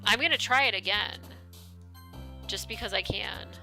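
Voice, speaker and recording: A woman's voice: medium pitch, normal speed, creaky, pushed and bright, soft background music. A woman streaming a game, chatting casually, reading game text aloud and swearing now and then. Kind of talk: casual live-stream commentary.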